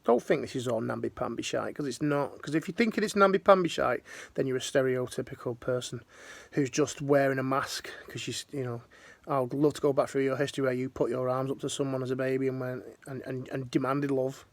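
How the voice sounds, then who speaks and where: Middle-aged man, ex-military life coach, gravelly, slangy and heartfelt, restarts a lot. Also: mid-range voice, fairly even intonation, fairly quick, hardly any pauses. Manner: earnest, slangy, rambling with restarts. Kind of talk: emotional motivational talk.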